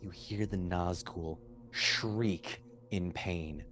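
A man running a tabletop game as game master, relaxed and encouraging, narrating scenes and calling for rolls. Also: low-pitched, extremely slow, soft background music.

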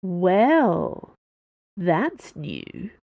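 A woman voicing a wry, knowing woman crewmate who speaks in a relaxed, sighing way. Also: fairly low pitch, very slow, dry recording, narrow, tinny audio, heavily acted. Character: warm, wry woman crewmate, protective friend.

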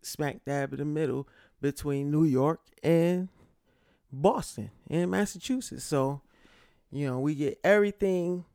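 A man from Connecticut hosts a casual solo sports show, his voice gravelly and set a little high for a man. He talks slowly and haltingly, repeating words as he rambles and gloats. The sound is dry and close. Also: warm tone, dry recording. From Connecticut, USA. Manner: rambling, stammering, gloating with laughs. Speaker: podcast host.

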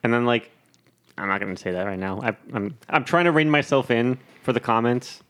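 A man's voice: medium pitch, brisk. A man co-hosting a podcast in casual, joking chat. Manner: joking, animated, slips into cartoon impressions. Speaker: podcast co-host.

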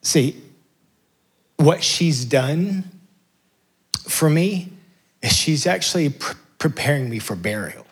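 A man's voice: fairly high pitch, lively intonation, slow pace, pauses often, husky. A middle-aged man preaching a sermon as pastor, passionate and building to emphatic peaks.

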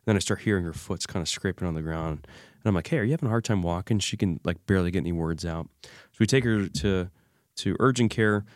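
A man as an interview guest, recounting a personal crisis in an animated way and acting out the dialogue he remembers. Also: sits low, fast talker, dry recording, clean studio sound. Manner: animated retelling, acts out remembered dialogue, many fillers. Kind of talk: emotional personal storytelling.

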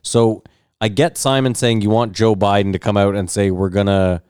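A man's voice: fairly low pitch, normal speed, a little mellow, smooth, dry recording, studio quality. A man co-hosting a podcast, questioning the others in a skeptical, wry way during casual chat. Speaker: podcast co-host.

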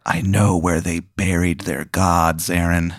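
A man putting on a menacing alpha crow, voice dropped low and slow, drawn-out and cryptic. Dry, close recording. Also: flat delivery, dry recording. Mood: ominous. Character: ominous alpha crow, leader of ravens.

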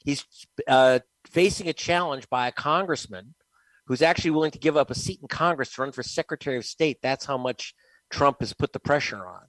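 A man's voice: mid-range voice, fairly quick, fairly bright tone, no room sound. A man, a guest investigative reporter, giving emphatic, scornful political commentary with frequent laughs.

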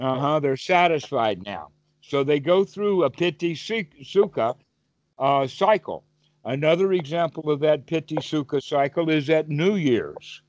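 A man's voice: fairly high pitch, expressive, measured pace, darkish tone, dry recording, lo-fi sound. A man teaching meditation over a call, asking his listener questions and giving vivid everyday examples. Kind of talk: Dhamma talk on a call.

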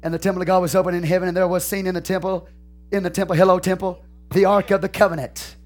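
Man preaching with shouted climaxes. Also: high-pitched, little pitch movement, quick pace, soft background music. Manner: swings from hushed asides to shouted climaxes; repetitive, call-and-response preaching. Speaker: pastor. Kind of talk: sermon. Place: church sanctuary.

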